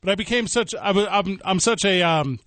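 A man hosting a sports talk radio show, ranting in animated bursts with quick asides, on a studio microphone. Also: sits high, dry recording.

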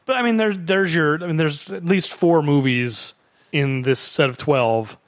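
A man's voice: on the high side, a little slow, no room sound. A man co-hosting a casual movie-review podcast, talking in hesitant bursts with frequent restarts. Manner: hesitant, restarts often, chuckles. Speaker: podcast co-host.

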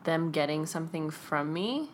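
A woman's voice: sits low, animated, moderate pace, a little hiss or hum. A woman co-hosting a podcast in casual chat, chiming in with dry, teasing remarks. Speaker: podcast co-host.

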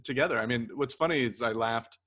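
A man interviewing a filmmaker in a relaxed, casual way, with short questions and quick remarks. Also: mid-range voice. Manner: relaxed, brief questions and backchannels.

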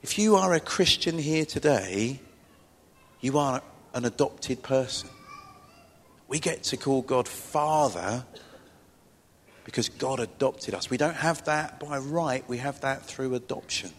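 A middle-aged pastor preaches a sermon in a church, telling stories in a chatty, self-deprecating manner with asides to the congregation. His mid-range voice keeps a measured pace with frequent pauses. The recording has long church-hall reverb and slight background noise.

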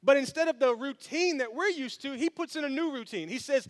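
A man's voice: very high voice, brisk, hardly any pauses. A man preaching a sermon as pastor, telling a story with humor and speaking straight to his congregation. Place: church sanctuary.

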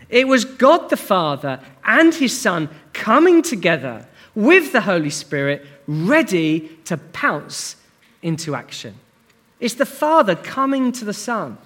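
A male preacher delivering a sermon in a warm, conversational style, turning to his listeners with questions. His voice is high for a man and rises and falls a great deal. He keeps it animated throughout.

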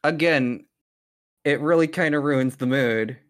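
A man's voice: medium pitch, measured pace. A man hosting a podcast who reads a horror story aloud in a casual, profane way and breaks off to chat. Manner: profane, breaks off into side chatter. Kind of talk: casual story reading with banter.

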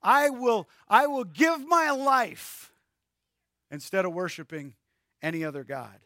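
A man's voice: sits high, expressive, slow pace, bright, forceful tone, no room sound, studio quality, full character voice. A man voicing a resolute prophet figure who will not bow, speaking in firm, earnest declarations. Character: resolute old male prophet refusing to bow.

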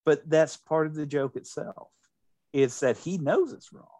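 A man co-hosting a casual podcast chat, talking in an animated way with many restarts. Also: fairly high pitch, unhurried, no room sound, studio quality. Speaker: podcast co-host.

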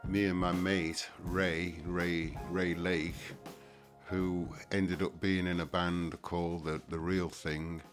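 An older man with a Scouse accent, his voice sitting very low. He reminisces in a loose, halting way, full of ums and restarts, as a podcast guest. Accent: Liverpool (Scouse). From Liverpool, England. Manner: halting, many fillers and restarts. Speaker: guest storyteller. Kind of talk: casual recollection.

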